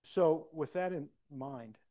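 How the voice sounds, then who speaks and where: A man preaching a personal testimony, acting out dialogue and swinging from soft to loud. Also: a little high, takes it slowly. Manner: animated, acts out dialogue, big swings in loudness. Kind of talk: sermon storytelling.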